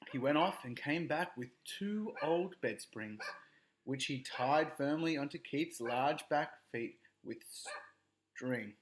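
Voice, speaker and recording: Man reading a kids' story out loud, slow and lively, bit higher voice. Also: a little hiss or hum. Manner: expressive, playful storytelling. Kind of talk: reading a children's story aloud.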